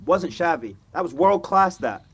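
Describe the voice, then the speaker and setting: A high, husky-voiced man talks football on a fan panel. He is animated and mimics players' voices as he makes his points. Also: moderate pace. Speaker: fan pundit. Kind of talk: football fan show discussion.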